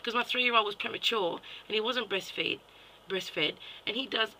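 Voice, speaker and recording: A woman's voice: mid-range voice, moderate pace, sharp tone, slight background noise, rough recording. A young Australian woman and mum ranting bluntly and profanely into her webcam at home late at night. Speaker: vlogger. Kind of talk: ranting vlog monologue.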